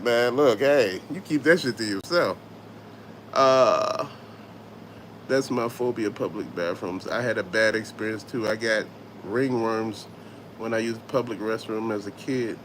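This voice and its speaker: A man's voice: medium pitch, fairly bright tone, slight background noise. A middle-aged man with a Southern US accent hosting a casual livestream, telling stories loosely and swearing freely while he answers chat. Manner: laid-back, swearing, storytelling, reads chat aloud. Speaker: toy collector livestream host.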